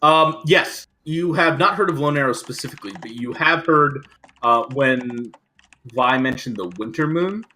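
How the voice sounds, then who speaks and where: A man running a tabletop game as game master, narrating in a halting way with many fillers. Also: mid-range voice, pushed and bright, slight background noise.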